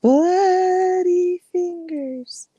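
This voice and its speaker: A woman putting on a slow, high, eerie ghost voice. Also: dark tone, no room sound, highs cut off, exaggerated voice. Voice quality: high drawn-out moaning chant. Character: eerie disembodied ghost voice chanting slowly. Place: outdoors by a campfire.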